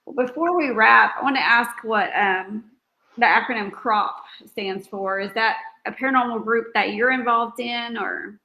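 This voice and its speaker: A woman hosting a casual interview, chatty and quick with interjections and easy laughter. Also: on the high side, lo-fi sound. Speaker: podcast host.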